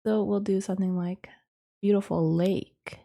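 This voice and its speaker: A woman's voice: mid-range voice, little pitch movement, unhurried, creaky, mellow. A woman teaching a casual lesson, thinking aloud in a rambling, hesitant way with frequent ums and self-corrections. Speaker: course instructor.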